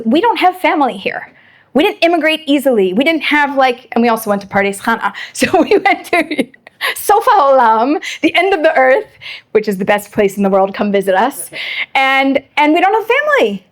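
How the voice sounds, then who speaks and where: Animated high-voiced woman teaching Torah. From immigrant to Israel. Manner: animated storytelling, acting out quoted voices. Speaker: Torah lecturer. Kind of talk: lively personal Torah talk to an audience.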